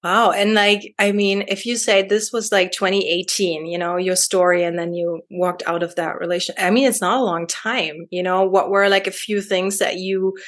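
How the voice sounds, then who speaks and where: A woman's voice: mid-range voice, level tone, normal speed, few pauses, a bit bright. A woman podcast host whose first language is German, asking searching questions hesitantly with many fillers. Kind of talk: casual interview chat.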